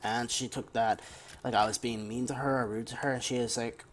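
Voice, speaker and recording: A man's voice: medium pitch, fairly even intonation, brisk. Young man venting a rambling story. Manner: rambling, venting, casual cursing. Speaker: gaming commentator. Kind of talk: casual storytime over gameplay.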